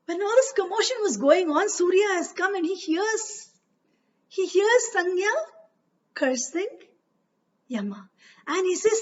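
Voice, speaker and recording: A woman narrating a myth as a storyteller, unhurried and with frequent hesitations. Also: extremely high pitch, animated. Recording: dull, distant recording.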